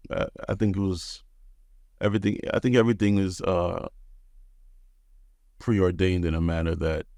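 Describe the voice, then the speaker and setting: A laid-back man in his thirties tells a personal story as a podcast guest, frank and casual and swearing freely. His voice sits fairly low. The sound is close and dry, with no room in it. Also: flat delivery, normal speed, creaky, darkish tone, no echo.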